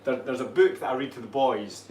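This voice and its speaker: A Scottish fitness coach co-hosting a live stream chats casually and jokes with his co-host, laughing often. His mid-range voice moves a little fast, picked up by a distant mic in an echoey room with faint noise.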